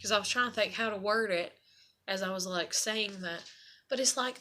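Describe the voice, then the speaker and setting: A woman's voice: medium pitch, moderate pace, bright, forceful tone, slight background noise. A young woman, venting about her life in a casual vlog, profane and rambling. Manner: frustrated, profane, rambling storytelling. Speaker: vlogger.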